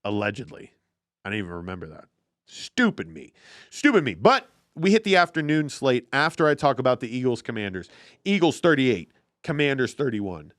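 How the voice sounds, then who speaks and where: Man, podcast host, casual sports chat, excitable and profane, lively pitch, dry close sound. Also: brisk, dry recording.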